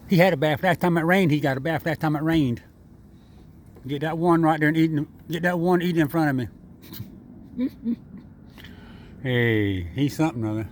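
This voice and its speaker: A man chatting and coaxing a squirrel in his front yard, repeating himself in a relaxed, chuckling way. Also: on the high side, moderate pace, long pauses, a little hiss or hum. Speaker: vlogger feeding a squirrel. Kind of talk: casual talk to an animal.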